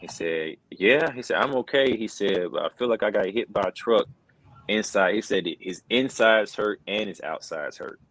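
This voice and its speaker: A man's voice: lowish voice, animated, normal speed, fairly bright tone, low-quality recording. A middle-aged wrestling commentator, telling an earnest personal story in a casual interview, full of fillers like "bro" and "man.".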